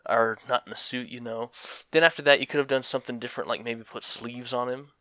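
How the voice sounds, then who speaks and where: Bright-voiced young man, casual game talk. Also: medium pitch, fairly even intonation, fast, no echo. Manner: rambling, with frequent fillers and chuckles. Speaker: gaming commentator. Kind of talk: casual gaming commentary.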